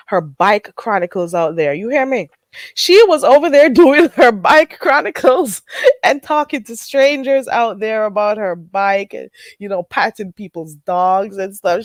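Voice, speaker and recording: This is a woman hosting a casual livestream while she gets sick. Her talk is lively and swings up and down, slipping into patois and salty language. The sound is close and dry. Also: medium pitch, measured pace, dry recording. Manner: animated, swings into patois, swears freely, laughs often. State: getting sick. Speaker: livestream host.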